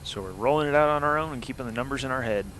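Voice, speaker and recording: Guy casually talking thru a flight sim game, step by step, average pitch, bit of faint hum behind. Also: very fast, a bit bright, low-quality recording. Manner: chatty, explains each step as he goes. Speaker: flight sim gameplay host. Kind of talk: casual let's-play commentary.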